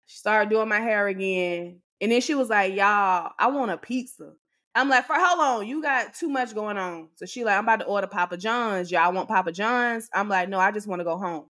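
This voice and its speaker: A woman co-hosting a podcast, telling an animated, exasperated story and acting out what others said. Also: medium pitch, moderate pace. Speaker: podcast co-host. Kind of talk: casual storytelling to a co-host.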